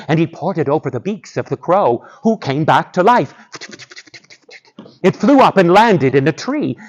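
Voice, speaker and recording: A male storyteller telling a folktale live to schoolchildren, animated and drawing the audience in. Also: on the high side.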